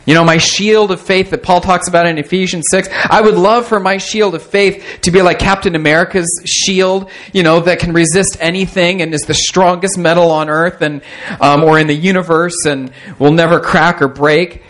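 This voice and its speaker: A man preaching in a loose, conversational way, with a voice sitting a little higher than most men's. He pokes fun at himself and keeps restarting sentences as he talks to his congregation. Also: fairly even intonation, normal speed, a bit bright, poor audio. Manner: conversational, self-deprecating, with repeated restarts. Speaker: pastor. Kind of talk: sermon.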